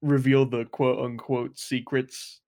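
A young American man co-hosting a podcast over a voice call, joking with deadpan asides and frequent giggles. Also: medium pitch, slow pace. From United States. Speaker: podcast co-host. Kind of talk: casual podcast chat. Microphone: computer mic over a voice call.

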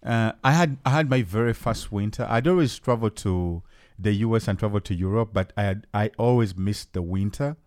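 A man from Uganda, host of a podcast, talks in a loose, playful way with a fairly low voice. His questions come with a grin, and the sound is close and dry. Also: moderate pace, hardly any pauses, darkish tone, no room sound. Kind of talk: casual chat.

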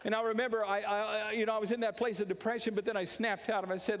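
A pastor preaching an impassioned sermon, repeating his points and rising to shouts. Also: high-pitched, flat delivery, very fast, few pauses, a little hiss or hum. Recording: long reverb of a large hall.

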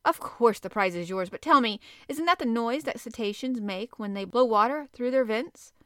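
A woman's voice: a little high, lively intonation, normal speed, fairly bright tone, no room sound, clean studio sound. A woman reading as a cautious, formal ship's commander. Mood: questioning. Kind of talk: audiobook character reading.

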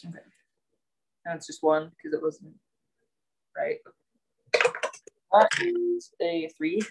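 A woman's voice: low voice, big pitch swings, takes it slowly, very noisy. A woman playing a tabletop game, casual and asking questions. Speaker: player.

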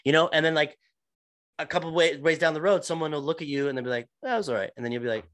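A man's voice: fairly high pitch, steady tone, fast, a bit bright, no echo. A young adult man, an actor, chatting casually on a podcast, rambling with lots of restarts and fillers.

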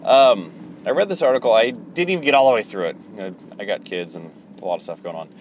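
A man's voice: lowish voice, lively intonation, fast, a little hiss or hum. A man hosting a Christian podcast, speaking in a rambling, hesitant, casual monologue full of fillers and restarts.

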